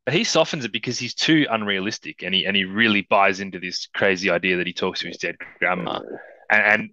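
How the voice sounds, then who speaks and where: A man co-hosting a casual film podcast, talking in an animated way and acting out bits of dialogue. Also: sits low, a little fast, dry recording, muffled recording. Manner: animated, acts out quoted dialogue. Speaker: podcast co-host.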